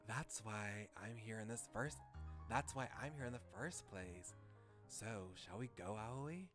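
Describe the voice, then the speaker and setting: A man's voice: fairly low pitch, expressive, measured pace, music in the background. A man voicing a smug, teasing teenage schoolboy from a visual novel, in a sly, self-satisfied way.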